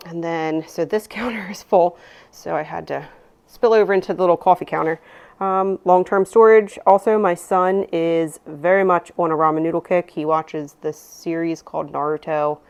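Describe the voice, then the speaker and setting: Mom in her 30s rambling thru her grocery haul, lots of ums, kinda low voice. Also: fairly even intonation, moderate pace, smooth. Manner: chatty, rambling with many "um"s. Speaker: vlogger, mother. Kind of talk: casual grocery haul narration.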